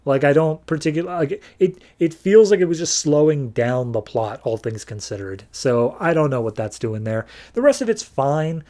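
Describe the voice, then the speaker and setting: A man hosting a podcast, recapping a comic issue in a loose, offhand way and tossing in quick quoted lines from the characters. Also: a little high, expressive, warm tone. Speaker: podcast host reviewing comics.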